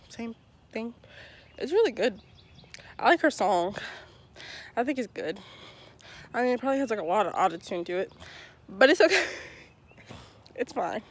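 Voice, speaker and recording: A young woman rambling in a casual, self-deprecating way while filming herself out of breath on a walk through her neighborhood. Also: on the high side. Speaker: vlogger. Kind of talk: casual walking vlog. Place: outdoors walking around a neighborhood. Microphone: handheld phone at arm's length.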